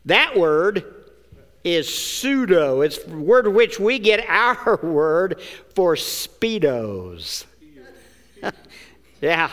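A male pastor with a slightly high, somewhat bright, clean voice preaches a sermon in a church sanctuary, where long hall reverb fills the recording. He calls out questions for the congregation to answer and tosses in joking asides.

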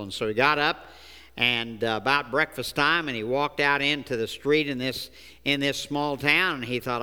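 Male preacher, unhurried folksy sermon, smooth clear voice, church hall reverb. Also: medium pitch, steady tone, pushed and bright. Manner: slow, folksy storytelling, deliberate emphasis. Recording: echoey hall.

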